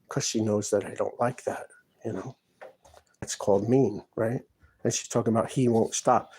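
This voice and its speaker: Man in his apartment, husky voice, phone-recorded, insistent and repeating his complaints. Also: lowish voice, steady tone, unhurried, pauses often, a little mellow. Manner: aggrieved, insistent, repeats himself. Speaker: tenant filming his apartment. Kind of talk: agitated self-filmed complaint.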